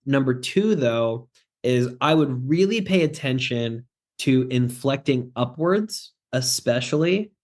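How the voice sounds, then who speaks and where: A man's voice: medium pitch, animated, slow. Direct, joking man talking sales. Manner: direct, joking, acts out phone calls. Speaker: podcast guest, sales closing expert. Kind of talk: casual podcast chat.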